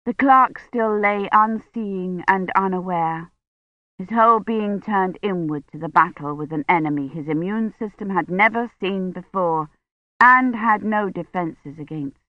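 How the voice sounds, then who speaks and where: A woman narrating an audiobook in a measured, even storytelling manner. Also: mid-range voice, no echo. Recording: dull dry recording.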